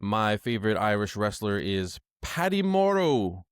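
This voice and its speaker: A man's voice: on the low side, big pitch swings, unhurried, clear, resonant tone, no echo. A man co-hosting a casual podcast chat, with dry, grumbling humor. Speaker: podcast co-host.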